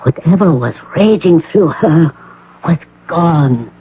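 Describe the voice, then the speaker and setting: A man playing a self-assured hospital doctor in a 1980 radio drama, speaking in a measured, formal, precise way. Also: fairly high pitch, lively intonation, a little hiss or hum. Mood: pleased. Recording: narrow phone-like radio broadcast.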